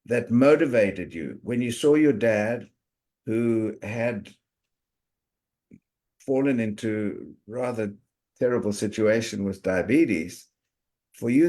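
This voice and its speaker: Male coaching host, unhurried, emphatic points. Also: mid-range voice, mellow. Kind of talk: coaching conversation.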